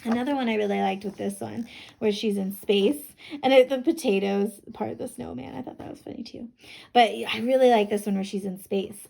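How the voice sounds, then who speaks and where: Teacher lady talking to little kids about a picture book, super upbeat, kinda gravelly, slightly high voice. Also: a little mellow. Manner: enthusiastic, talking to kids, many "right?"s. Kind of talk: children's read-aloud lesson.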